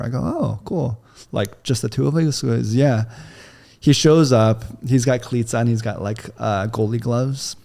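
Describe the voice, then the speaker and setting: A man's voice: mid-range voice, normal speed, gravelly, dark tone. A man in his thirties, a podcast guest telling a long personal story in a casual, chatty way full of "like" fillers, on a studio mic.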